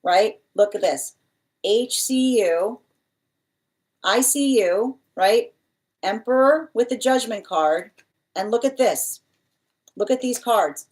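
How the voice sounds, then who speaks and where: A woman's voice: medium pitch, lively intonation, slow pace, pauses often. Female tarot reader, live reading; rambling, repetitive delivery, acts out the spirit messages she relays. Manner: rambling, repeats phrases, voices spirit messages.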